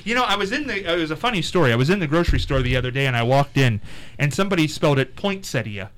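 Lively, teasing male radio host. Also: fairly high pitch, rapid-fire, a little hiss or hum. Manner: playful, teasing, lively storyteller. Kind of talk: casual on-air chat.

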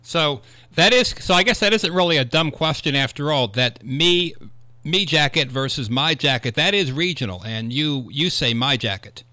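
A man hosts a relaxed radio conversation and asks curious questions. His voice is bright and forward, and it is recorded dry and close. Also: a little high, normal speed, no room sound. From Ohio, United States. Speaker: radio host. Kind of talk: casual radio chat.

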